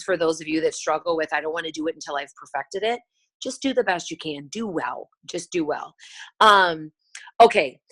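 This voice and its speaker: A woman leading a motivational sales conference call, chatty and animated, acting out conversations as she tells stories. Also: on the low side, low-quality recording. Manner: chatty and animated, acts out dialogue. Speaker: team leader on a sales call.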